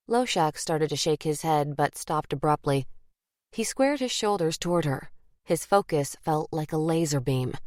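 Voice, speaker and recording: A woman narrating a crime thriller audiobook in a measured, even way. Her voice sits low and the recording is dry and close, with no room sound. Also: dry recording. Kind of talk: scripted narration.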